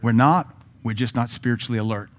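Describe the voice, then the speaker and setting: A man's voice: medium pitch, a little fast. A man with a Southern US accent, a pastor preaching a sermon in a conversational style with joking asides.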